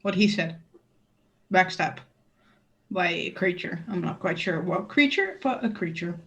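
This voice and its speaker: A woman player in a tabletop game, speaking in character with hesitant, halting delivery. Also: lowish voice, lively intonation. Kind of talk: in-character tabletop role-play.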